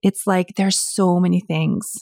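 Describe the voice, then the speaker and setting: A woman's voice: on the low side, steady tone, unhurried, gravelly, a little mellow, no echo, studio quality. A woman co-hosting a casual business chat, speaking earnestly and repeating phrases for emphasis. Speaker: business co-founder and podcast co-host. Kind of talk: casual conversation.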